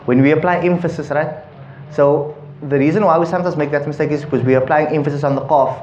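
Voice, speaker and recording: A man's voice: a little high, steady tone, fast talker, darkish tone, reverberant, highs cut off, a little hiss or hum. A man teaching a Quran recitation class, patiently coaching pronunciation and explaining rules between chanted verses. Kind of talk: recitation class with call and response.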